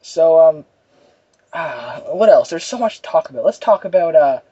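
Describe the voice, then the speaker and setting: A man's voice: a little high, lively intonation, moderate pace, dark tone, breathy edge. A young man chatting casually as a movie reviewer, rambling and giggly with many fillers, on a dull lo-fi recording. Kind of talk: casual chat.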